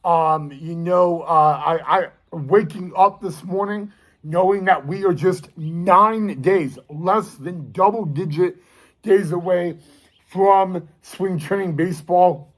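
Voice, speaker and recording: A young man talking casually to his viewers as a fan vlogger, eager and excitable, often calling them "guys". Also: high-pitched. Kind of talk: casual direct-to-camera talk.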